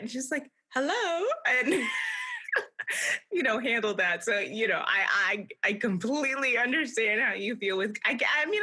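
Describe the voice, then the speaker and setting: A woman hosts a podcast interview in a bright, clear voice. She talks in a chatty, reflective way and laughs easily as she praises her guest. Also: on the high side. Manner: warm laughing, reflective, speaks of faith. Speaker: podcast host and mediator. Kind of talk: conversational interview.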